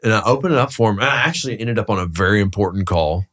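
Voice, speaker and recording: Low-voiced man telling animated stories. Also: racing. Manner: animated, laughing, swears freely. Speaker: commercial real estate broker, guest. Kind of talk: casual storytelling in a podcast interview.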